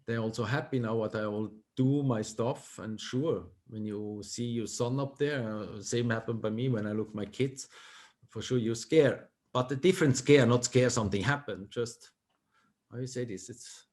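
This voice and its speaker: A middle-aged man from Switzerland with a Swiss German accent, talking casually as an interview guest in halting, non-native English, often stopping to search for words. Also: medium pitch, darkish tone. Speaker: guest, tightrope walker.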